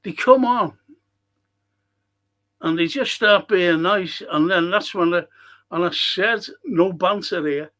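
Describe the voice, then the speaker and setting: With a high, slightly bright voice, a man runs a live football watchalong, reading the chat aloud and replying with blunt, sweary, quick-tempered answers.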